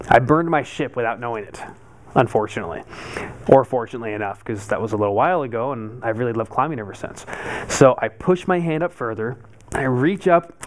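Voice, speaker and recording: A man in his thirties telling a personal story to a live group, acting out his own past panic as he goes. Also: medium pitch. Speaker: meetup speaker.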